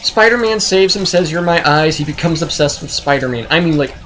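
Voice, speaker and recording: Sarcastic guy doing a movie review rant, voice bouncing all over the place, keeps squeaking up in disbelief. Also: animated, fairly quick, fairly bright tone, slight background noise, low-quality recording. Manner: sarcastic, exasperated, jumps into high incredulous outbursts.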